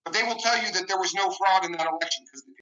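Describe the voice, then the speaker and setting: A man's voice: sits high, fast talker, sharp tone, lo-fi sound. A man speaking to his viewers in an earnest, defensive way. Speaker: video maker. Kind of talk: talking to camera.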